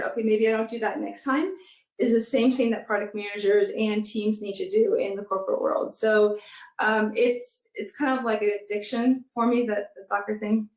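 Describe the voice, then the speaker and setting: A woman's voice: fairly high pitch, a little mellow, lo-fi sound. Reflective woman on a roomy remote line. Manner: thoughtful, many ums and restarts. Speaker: guest, product leader and youth soccer coach. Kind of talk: conversational interview answers.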